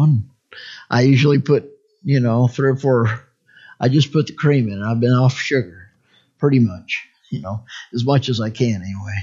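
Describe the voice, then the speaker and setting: A man's voice: mid-range voice, a little mellow, slightly rough, dull audio. A man preaching a conversational sermon, rambling and folksy, often asking the congregation for an amen.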